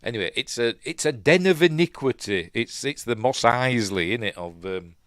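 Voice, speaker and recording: A man's voice: mid-range voice, lively intonation, normal speed, fairly bright tone, no echo, clean studio sound. A man with a Yorkshire accent giving casual, rambling commentary on a film as he watches, chatty and prone to tangents. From Yorkshire, England. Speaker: film reviewer, channel host.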